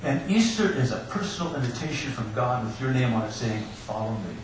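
A pastor delivers an Easter sermon in the church sanctuary, his medium-pitched voice expressive and a little fast as he tells personal stories with joking asides. The recording has room echo, a distant mic, and background hiss.

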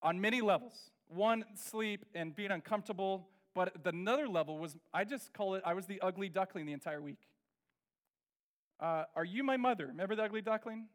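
A man's voice: high voice, brisk, few pauses. A middle-aged man preaching a sermon as a pastor, telling a personal story and acting out the voices of the people in it. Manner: animated, acts out quoted voices.

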